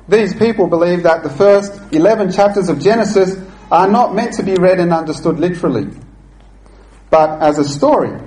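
A man preaching a sermon, earnest and deliberate, teaching with occasional fillers and restarts. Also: a little high, a little mellow, roomy sound, low-quality recording.

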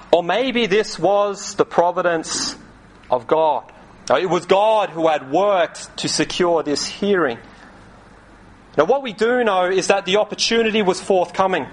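High-voiced, slow, emphatic male preacher. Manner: measured, emphatic preaching with dramatic voiced quotes. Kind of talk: sermon.

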